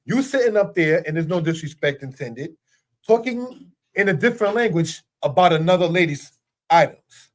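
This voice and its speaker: A middle-aged Torah teacher with a slightly high voice and lively intonation speaks at a normal speed. His spoken lesson is earnest and repetitive, packed with rhetorical questions.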